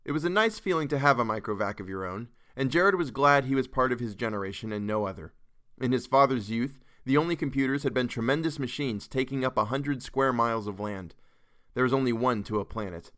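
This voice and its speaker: A man narrating a science fiction story in a measured, expressive reading. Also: mid-range voice. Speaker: podcast reader.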